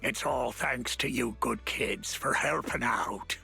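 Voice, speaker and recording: An actor playing a weary, regretful old sea captain in a game, with a gravelly voice and a slow, fatherly way of talking. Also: medium pitch, pushed and bright, exaggerated voice. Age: older. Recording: game audio with music behind.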